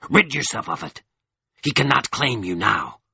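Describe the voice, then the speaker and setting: A man's voice: lowish voice, big pitch swings, moderate pace, vocal fry, pushed and bright, slightly rough, muffled recording, full character voice. A man voicing a possessed man who swings from fear to shrieking glee, in an audiobook reading. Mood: fearful. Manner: shrieking and jeering. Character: possessed man, fearful then gloating.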